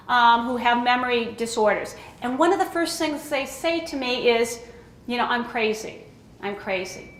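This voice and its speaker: A woman with a high-pitched, slightly bright voice presents an informal caregiver education talk in a reverberant room. She's chatty and conversational, often checking in with the audience by asking "okay?"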